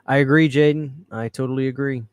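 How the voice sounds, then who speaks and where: A man hosting a live stream in a loose, chatty way, picking up viewer comments as they arrive. His voice sits at an ordinary pitch, and the studio mic gives a dry, close sound. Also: steady tone, fairly quick, smooth, no echo. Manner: chatty, reads and answers viewer comments, laughs easily. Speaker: livestream host. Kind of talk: casual live chat. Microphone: studio microphone.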